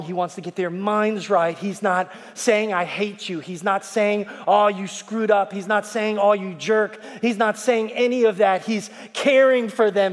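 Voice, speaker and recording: A male pastor preaching a sermon, folksy, swinging from shouting to hushed tones and calling out to the congregation. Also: sits high. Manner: folksy, repeats calls to the congregation. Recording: long hall reverb.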